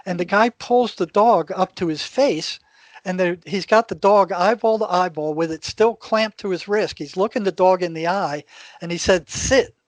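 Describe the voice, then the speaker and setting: An older man, a retired therapist guest, telling an animated story in casual conversation with frequent restarts. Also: sits high, normal speed, no room sound.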